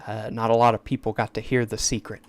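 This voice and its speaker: A man's voice: lowish voice, flat delivery, fast, no room sound. A man chatting on a casual live stream at his desk mic, rambling and eager, with stammered restarts and asides. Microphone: desk microphone.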